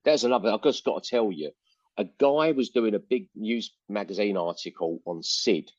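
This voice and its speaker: An older man with an East London accent tells stories in a low, unhurried voice. He rambles and restarts, piling on "you know"s. The sound is dry and a little muffled. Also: darkish tone, no echo. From England. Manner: rambling anecdotes with frequent fillers and restarts. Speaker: interview guest, musician. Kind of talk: casual storytelling interview.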